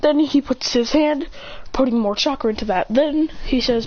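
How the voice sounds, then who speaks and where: A speaker excitedly retelling a fan-made story, rambling and breaking into shouted sound effects and voiced lines. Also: medium pitch, normal speed. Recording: dull lo-fi mic with faint hiss.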